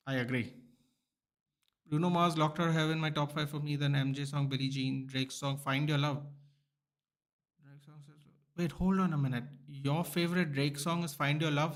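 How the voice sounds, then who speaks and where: A young man, chatting casually to viewers during a live football watchalong stream. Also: on the high side. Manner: chatty, reacting aloud to chat, many restarts and "bro", "dude".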